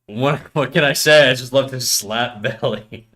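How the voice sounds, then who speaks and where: A man's voice: mid-range voice, a little slow, hardly any pauses, bright, forceful tone. A man in his thirties, a livestreamer joking casually with his chat while he draws, laughing often. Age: 30s.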